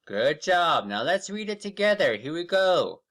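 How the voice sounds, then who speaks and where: A man teaching an online reading lesson, giving patient, encouraging prompts and drawing out words slowly when reading aloud with students. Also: on the high side, big pitch swings, a bit bright.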